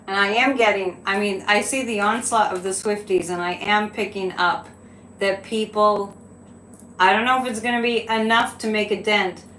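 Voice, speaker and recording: A woman's voice: medium pitch, fairly bright tone, slight background noise. Chatty woman live-streaming in an echoey room. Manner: chatty, laughs often, incredulous asides. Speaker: psychic livestream host. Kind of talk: casual live-stream commentary. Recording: echoey room with faint ambience.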